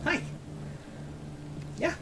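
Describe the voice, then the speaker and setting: A man's voice: extremely slow, over music. A man streaming a video game in casual, rambling commentary, chatting to his cat between moves. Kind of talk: casual let's-play commentary.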